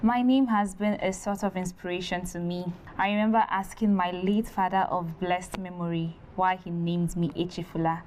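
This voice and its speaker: An actress with a Nigerian accent playing a charity founder speaking earnestly in an interview. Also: female voice, lowish voice, fairly even intonation, darkish tone, slight background noise, close to an everyday voice. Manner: earnest, measured.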